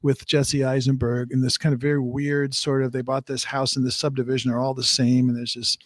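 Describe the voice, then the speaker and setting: A man's voice: medium pitch, little pitch movement, fairly quick, no echo, studio quality. A man co-hosting a casual film review, retelling the plot in a rambling way with restarts.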